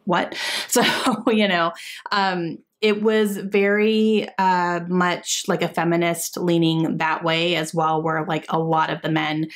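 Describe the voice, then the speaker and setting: A woman's voice: fairly low pitch, little pitch movement, slow pace. A woman book vlogger chatting casually and gushing enthusiastically about books she loved, laughing often. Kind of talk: casual chat.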